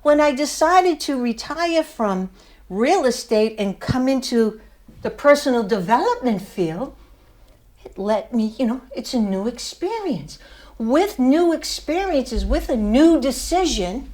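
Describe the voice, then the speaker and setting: Older woman, motivational class speech, slow deliberate delivery, storytelling, emphatic. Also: sits high, expressive, darkish tone. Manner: storytelling, emphatic, laughs at herself. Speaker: student speaker.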